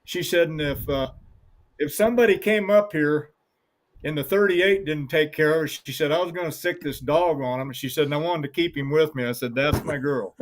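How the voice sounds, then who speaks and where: A man's voice: a little high, fairly quick, few pauses. A middle-aged man who guides hunts with hounds, telling a long story in an interview in a folksy, rambling way and acting out the voices of the people in it.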